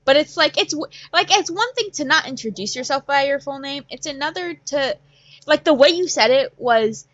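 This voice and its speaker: A woman's voice: high voice, lively intonation, moderate pace, a bit bright, lo-fi sound. Chatty woman game master. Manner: casual, laughing, lots of fillers. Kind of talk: running a tabletop game.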